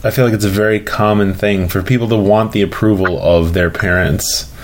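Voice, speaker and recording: Deep-voiced thoughtful young man. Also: fairly even intonation, fairly quick. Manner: thoughtful, hedging. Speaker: podcast co-host. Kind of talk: casual podcast conversation.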